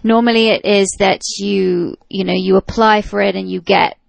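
A woman's voice: medium pitch, steady tone, moderate pace, gravelly, no room sound. A jet-lagged woman co-hosting a podcast, chatting in a giggly, punch-drunk way. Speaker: podcast co-host. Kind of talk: casual chat.

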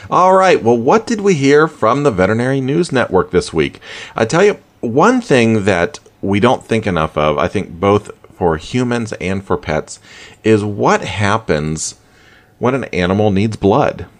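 A man hosting a pet radio show, chatting in a casual, animated way with chuckling asides. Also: lowish voice, measured pace. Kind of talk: casual podcast talk.

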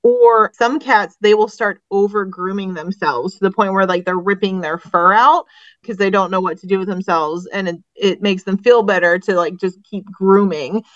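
A woman's voice: mid-range voice, normal speed, no echo, muffled recording. A woman veterinarian guest on a podcast, explaining and giving advice informally. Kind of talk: casual interview chat.

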